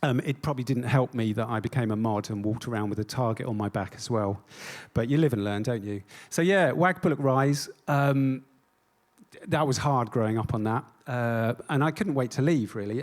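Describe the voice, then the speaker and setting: A man giving a stage talk as an artist. He is self-deprecating and jokey, with many ums. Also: medium pitch. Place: on stage before an audience.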